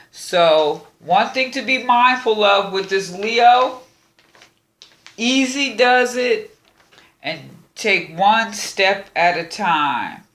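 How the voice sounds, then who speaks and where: A woman talks through an astrology and tarot reading. She takes her time with a very slow, unhurried pace and circles back over her points as she gives gentle advice. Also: fairly low pitch. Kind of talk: casual spoken reading.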